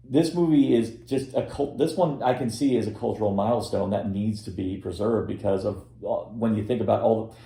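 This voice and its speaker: A man with a lowish, creaky, mellow voice co-hosts a casual podcast reviewing films. His chat rambles with many restarts, recorded in an echoey room.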